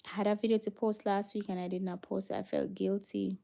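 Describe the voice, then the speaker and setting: A woman's voice: medium pitch, level tone, fairly quick, vocal fry, warm tone. A Jamaican woman hosting a casual livestream, chatting with viewers and slipping into patois. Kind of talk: casual livestream chat, reading viewer comments.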